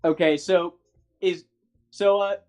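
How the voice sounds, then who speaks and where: A man playing a tabletop game, speaking haltingly with many restarts. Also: high voice, steady tone, a little mellow, clear, resonant tone, faint music behind. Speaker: player.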